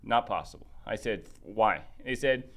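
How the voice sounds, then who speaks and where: A man's voice: fairly low pitch, normal speed. Man telling a story on a podcast. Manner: animated, acts out quoted dialogue; many restarts and fillers. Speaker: podcast guest. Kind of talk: casual storytelling chat.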